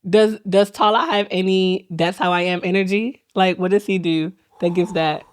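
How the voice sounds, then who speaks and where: A woman in her thirties co-hosting a casual chat, animated and quick with stories and asides. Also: on the low side, clear, resonant tone. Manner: animated storyteller, laughs often, quick asides. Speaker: podcast co-host.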